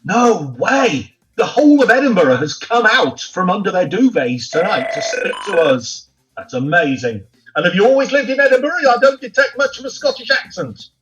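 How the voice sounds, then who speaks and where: A flamboyant middle-aged man fronts a mock phone-in quiz over a video call. He speaks high and bright, and his pitch leaps around as he teases callers and shouts for them to stop. His banter is loud and theatrical. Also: moderate pace, soft background music, poor audio. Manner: animated, teasing, exclaims loudly. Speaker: guest presenter hosting a mock phone-in quiz.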